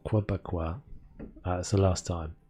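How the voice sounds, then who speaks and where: A man's voice: low-pitched, steady tone, a little slow, warm tone, husky. A young man streaming a renovation game, chatting loosely with his viewers and laughing as he goes. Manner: rambling, chatty, talks to chat and laughs often. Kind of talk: casual gameplay commentary. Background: faint game music.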